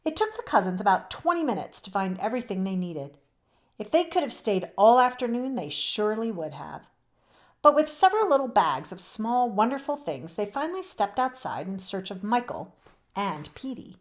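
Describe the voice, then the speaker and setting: A young adult woman reads a children's chapter book aloud for a storytime channel. Her voice moves lively up and down through the narration, with a medium pitch. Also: normal speed. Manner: warm, expressive storytelling. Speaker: read-aloud host.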